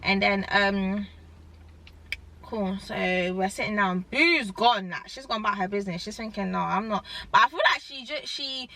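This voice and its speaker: A young woman, telling a storytime in a rambling, animated way and saying "like" often. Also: mid-range voice, normal speed, slight background noise. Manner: animated, rambling, heavy use of "like". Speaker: vlogger. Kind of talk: casual storytime chat.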